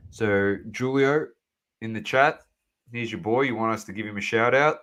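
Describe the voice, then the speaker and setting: A man's voice: on the low side, normal speed, a bit bright. An Australian man co-hosting a sports podcast, chatting casually in blunt, sweary slang. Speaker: podcast co-host.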